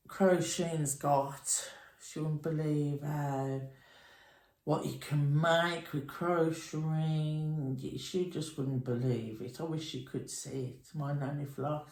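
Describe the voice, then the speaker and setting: Middle-aged woman, chatty home vlogger, slow and meandering, echoey room. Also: deep voice, darkish tone. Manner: chatty, meandering, nostalgic storytelling. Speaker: crochet vlogger. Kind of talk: rambling reminiscing chat.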